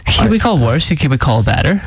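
A man's voice: on the high side, very animated, racing, breathy edge, dry recording. A man hosting a breakfast radio show, joking and bantering playfully. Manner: playful, jokey, laughs often.

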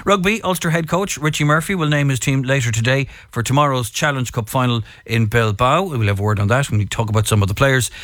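An Irish man hosts a morning radio show, chatty and brisk as he greets listeners and runs through the sports news. His voice sits in an ordinary middle pitch. The studio sound is close and dry. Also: fairly bright tone, no echo. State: out of breath. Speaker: radio presenter. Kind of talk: breakfast radio chat and sports headlines.

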